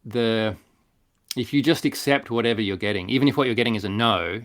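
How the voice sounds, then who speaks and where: A man's voice: lowish voice, brisk. An Australian man, a clown doctor and performer, casually telling stories on a podcast and acting out the voices of people in them. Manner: animated, acts out quoted voices in stories. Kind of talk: casual conversational storytelling.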